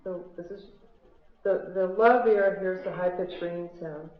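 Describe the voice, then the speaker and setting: An American woman with a fairly low voice gives an unhurried live spiritual talk in a large hall, chatting, telling stories, and asking the audience questions. Someone in the crowd recorded it on a handheld MP3 player, so the sound is lo-fi and echoey.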